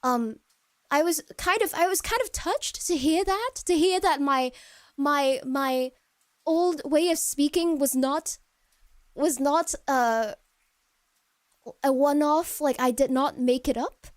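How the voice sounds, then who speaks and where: A woman casually chatting to viewers on a live stream, wandering and hesitant with lots of fillers and restarts, often trailing into soft, low murmurs. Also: slow pace, no echo, clean studio sound.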